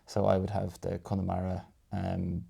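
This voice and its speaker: An Irish man with a low, gravelly and mellow voice walks a listener through phrases. He explains slowly, stopping and restarting as he goes. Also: completely flat delivery. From Ireland. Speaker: Irish language teacher. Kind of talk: casual language lesson.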